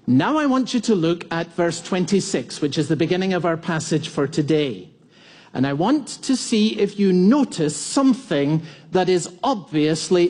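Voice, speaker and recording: Man in his fifties preaching, talks slow and high, keeps asking the crowd stuff. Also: a little mellow. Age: 50s. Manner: teaching, asks the congregation questions and shows of hands. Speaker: pastor. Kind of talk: sermon. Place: church before a congregation.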